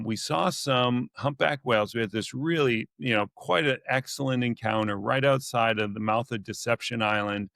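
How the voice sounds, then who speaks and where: Ask: a lively naturalist man, storytelling. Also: mid-range voice, gravelly, dry recording. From California. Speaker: naturalist guest. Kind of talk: casual podcast interview.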